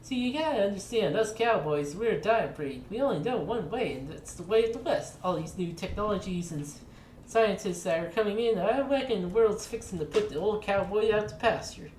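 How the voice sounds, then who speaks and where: A woman voicing an old male cowboy shopkeeper who talks in a slow, folksy drawl. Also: medium pitch, lively intonation, darkish tone, lightly acted. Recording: echoey room with faint noise.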